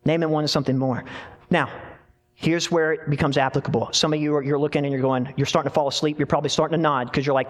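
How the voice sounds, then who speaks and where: A man preaching a sermon, telling a scripture story in an animated way and voicing the people in it. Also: on the high side, brisk. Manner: animated storytelling with dramatic voiced quotes. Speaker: pastor.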